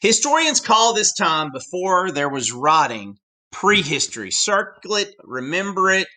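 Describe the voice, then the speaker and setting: A man's voice: high voice, unhurried. A man with a Southern US accent giving a chatty classroom lecture full of asides. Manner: animated, chatty, with many asides. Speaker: teacher.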